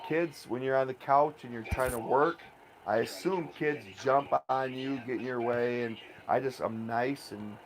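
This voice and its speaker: A young man at home rambling in an agitated rant that keeps getting louder and more heated. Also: mid-range voice, normal speed, a crowd in the background, rough recording. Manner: agitated, repetitive, grows loud and heated. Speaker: vlogger. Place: home, indoors.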